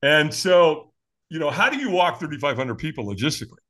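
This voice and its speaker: Animated storytelling man with a lively pitch. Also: brisk. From United States. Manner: animated, acts out quoted voices, chuckles often. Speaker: firewalk instructor, podcast guest. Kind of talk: storytelling in a conversation.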